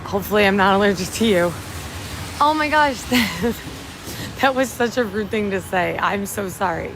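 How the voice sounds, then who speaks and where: A woman's voice: mid-range voice, lively intonation, unhurried. A woman in her twenties from upstate New York, chatting casually on a walking livestream and thanking viewers as she goes. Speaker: livestream host. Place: city street at night, outdoors in rain. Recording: street noise under the voice.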